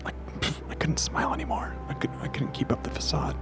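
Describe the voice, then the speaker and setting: A man's voice: mid-range voice, little pitch movement, moderate pace, natural voice. A man doing a stammering scared prisoner in the stocks. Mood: scared whisper. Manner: stammering, hushed whisper. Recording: music playing behind.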